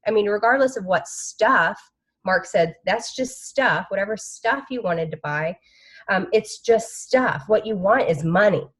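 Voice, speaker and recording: A woman's voice: mid-range voice, animated, measured pace, fairly bright tone, breathy edge. A woman who shares an emotional, rambling conference recap on a video call. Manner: emotional, rambling, with many fillers. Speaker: team member sharing a conference recap.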